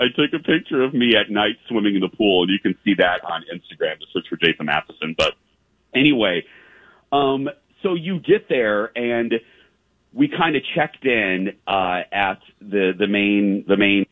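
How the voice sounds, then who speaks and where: A man's voice: fairly low pitch, animated, moderate pace, dry recording. A man hosting a casual show, telling a long story in a rambling way with many fillers and restarts. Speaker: host. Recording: dry tinny phone-like line.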